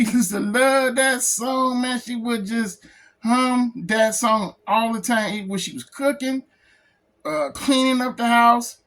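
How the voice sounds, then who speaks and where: Tearful man grieving, halting speech. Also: very high voice, a bit bright. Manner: halting, repeats phrases, says "man" a lot. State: tearful, close to crying. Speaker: comic book artist. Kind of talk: emotional personal vlog.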